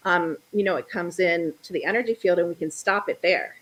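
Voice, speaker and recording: A woman's voice: fairly low pitch, brisk, husky, rough recording. A middle-aged woman, a guest on a talk show, chatting casually and acting out the people in her stories. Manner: animated storyteller, acts out quoted voices. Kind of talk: casual interview chat.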